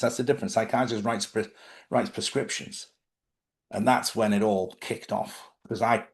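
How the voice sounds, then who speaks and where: A man, talking casually about spiritual living and telling stories from his own life, often checking in with his listeners. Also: on the low side. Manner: conversational storytelling, asks listeners questions. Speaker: host.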